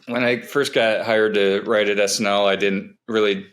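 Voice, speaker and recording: A man's voice: on the low side, fairly even intonation, normal speed, a bit bright. A man guesting on a comedy podcast, telling rambling, self-deprecating stories about writing jokes in casual chat. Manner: rambling, self-deprecating storytelling with many restarts.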